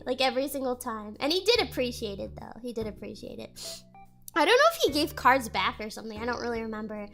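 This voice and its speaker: A young woman streamer with a stuffy nose giggles and rambles in casual conversation with viewers, reading chat aloud. She talks fast, very animated, in a fairly high and slightly bright voice, with soft background music.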